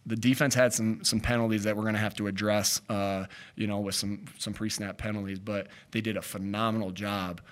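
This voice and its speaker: A man's voice: on the low side, little pitch movement, a little fast, few pauses. A man, a head coach, answering questions at a postgame press conference, rambling with frequent restarts and fillers.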